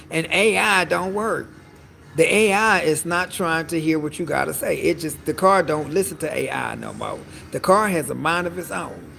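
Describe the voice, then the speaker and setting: Man vlogger with an animated, sassy comic delivery and a high, gravelly voice, swearing freely. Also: slight background noise, poor audio. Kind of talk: casual comedic monologue.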